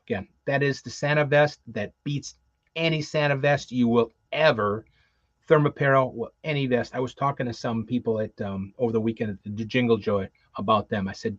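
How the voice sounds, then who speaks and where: A man's voice: mid-range voice, steady tone, normal speed, dry recording. A man co-hosting a casual live show, rambling through upcoming guests with lots of fillers and restarts. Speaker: co-host. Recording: dull lo-fi, dry.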